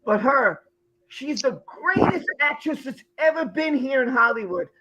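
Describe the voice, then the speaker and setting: A man's voice: very high-pitched, expressive, measured pace, pushed and bright, muffled recording. Fiery, foul-mouthed male commentator. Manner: heated, profane ranting. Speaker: show host. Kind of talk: livestream commentary.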